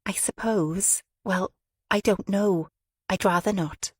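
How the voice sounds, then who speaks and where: A woman reader voicing a nervous, apologetic young woman who speaks in halting, hesitant bits. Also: medium pitch, darkish tone, husky, no echo, clean studio sound.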